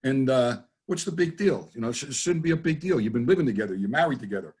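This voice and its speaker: A man's voice: mid-range voice, animated, fast, darkish tone, breathy edge. A man speaking as a guest in a webinar interview over a video call, telling stories in a rambling, joking way with many restarts. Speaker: guest, business trainer. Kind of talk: casual storytelling in a webinar interview.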